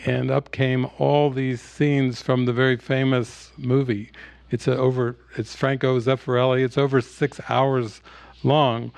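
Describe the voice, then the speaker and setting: A man giving a spiritual teaching talk at an online retreat, retelling a film scene in a relaxed storytelling way. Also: mid-range voice, gravelly, clear, resonant tone, no echo.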